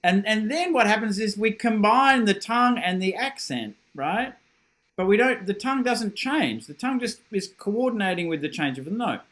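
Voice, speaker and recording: Man, middle-aged, horn masterclass teacher, encouraging, high voice, video call audio. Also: expressive, moderate pace, fairly bright tone, slight background noise. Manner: encouraging, self-deprecating, demonstrates with sung syllables.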